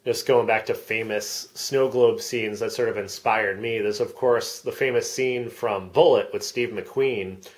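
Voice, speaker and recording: A man's voice: lowish voice, steady tone, a little slow, hardly any pauses. A man on a parody commentary track, speaking matter-of-factly with many ums. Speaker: comedic fake commentary speaker.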